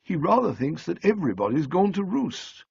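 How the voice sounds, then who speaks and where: A man reading an audiobook, voicing an amiable, bumbling upper-class young English gentleman in a breezy, flustered way. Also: a little high, big pitch swings, moderate pace, gravelly, breathy edge, dry recording, muffled recording, voice pushed up, heavily acted. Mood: eager. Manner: breezy, flustered toff slang. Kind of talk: audiobook character voice.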